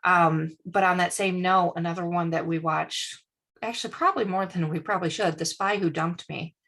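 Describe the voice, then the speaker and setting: Gravelly-voiced woman telling a story casually. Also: fairly low pitch, fairly even intonation, normal speed, a bit bright. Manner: candid, storytelling, playfully blunt. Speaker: podcast co-host. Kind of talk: casual chat.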